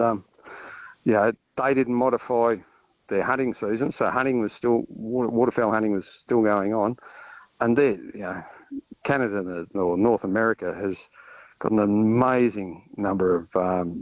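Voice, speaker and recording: A man's voice: fairly low pitch, moderate pace, no echo, lo-fi sound. An Australian man out hunting, chatting cheerfully and rambling through a radio interview with lots of ums. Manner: relaxed, rambling, cheerful with many fillers. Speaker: duck hunter on air.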